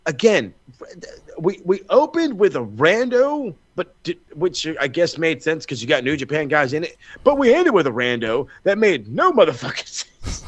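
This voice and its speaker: A man co-hosting a wrestling podcast in casual chat, telling stories in an animated, profane way with lots of restarts. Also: high voice, no echo. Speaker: podcast co-host.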